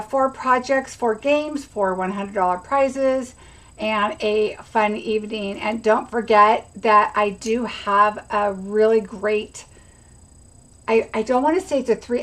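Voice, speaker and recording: A woman's voice: medium pitch, rough recording. A middle-aged woman hosting a casual craft livestream, rambling chattily and greeting viewers by name. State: has the hiccups.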